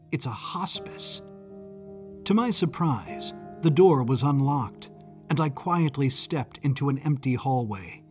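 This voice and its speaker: A man giving scripted first-person narration of a suspense story in a measured, suspenseful manner. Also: medium pitch, darkish tone.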